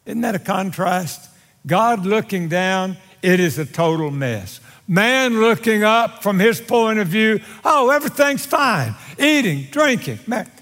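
A man preaching a sermon to his congregation, with a dramatic, drawn-out delivery and wry humor aimed at his listeners. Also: a bit bright. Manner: dramatic, drawn-out delivery with bold swings in pitch and volume. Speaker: pastor. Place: church sanctuary. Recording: long hall reverb from a large sanctuary.

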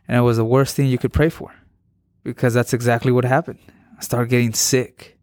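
A man in his thirties tells his personal story in an earnest, halting way, circling back and restarting his sentences. His voice sits at a middle pitch and is recorded close and dry, with no room sound. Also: steady tone, no echo. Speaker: interview guest. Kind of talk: personal testimony.

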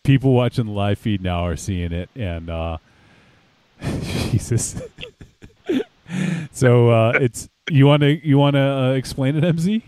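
A man's voice: medium pitch, a little slow, darkish tone, smooth, no room sound. A man hosting a podcast in loose, casual banter, laughing often and swearing freely. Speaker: podcast host.

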